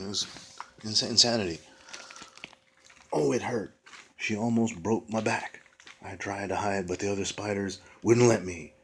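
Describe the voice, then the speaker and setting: Guy reading a spooky kids book, deep husky voice, tosses in jokey asides. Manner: playful, adds casual asides. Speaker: reader of a children's book. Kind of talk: storybook reading with ad-libbed asides.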